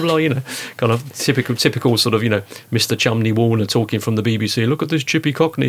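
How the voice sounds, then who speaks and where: Gravelly low-voiced man talking. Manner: animated, rambling with many fillers. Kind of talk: conversational discussion.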